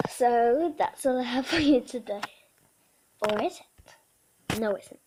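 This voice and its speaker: A woman's voice: fairly high pitch, slow, long pauses, noisy background. A woman vlogger chatting casually to camera, with fillers.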